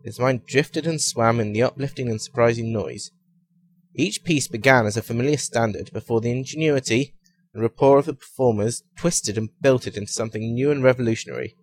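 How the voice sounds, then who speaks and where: A man reading a comic detective story aloud with a wry, expressive delivery. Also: mid-range voice, brisk.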